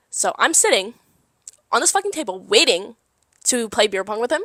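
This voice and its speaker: A young woman co-hosting a casual podcast, telling a story in an animated way with lots of swearing and laughter. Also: medium pitch, a little fast, dry recording. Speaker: podcast co-host. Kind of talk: casual chat.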